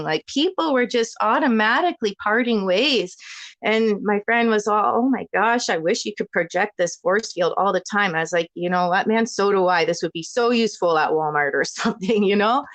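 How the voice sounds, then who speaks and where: A woman's voice: fairly high pitch, a bit bright, no room sound. A woman calling in to a live chat show, telling a long story in a rambling, chatty way and laughing often. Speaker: caller. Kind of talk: casual call-in chat. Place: at home with a child.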